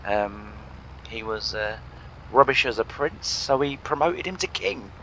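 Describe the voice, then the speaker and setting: A man's voice: medium pitch, lively intonation, normal speed, bright, forceful tone, lo-fi sound, a little hiss or hum. An English man with a sore throat, chatting casually over a farming game with lots of fillers and restarts. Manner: rambling, many fillers and restarts. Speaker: gaming channel host. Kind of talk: casual let's play commentary.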